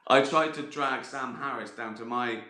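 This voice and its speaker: A middle-aged man hosts a casual livestream, answering viewer questions with swearing and self-mocking banter. His medium-pitched voice sounds pushed and bright in an echoey room, picked up by a phone.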